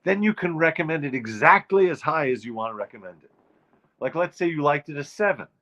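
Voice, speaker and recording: A man's voice: a little high, lively intonation, brisk, fairly bright tone. A man hosting a show, delivering a wry, emphatic comic rant about turns of phrase. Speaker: show host. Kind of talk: comic monologue.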